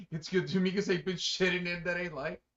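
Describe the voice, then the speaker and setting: Male streamer, high and bright, rambling and excitable chat, lo-fi dull stream mic. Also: a little fast. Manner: excitable, bursts into loud exclamations; chatty, rambling, many fillers. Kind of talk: casual live-stream chat.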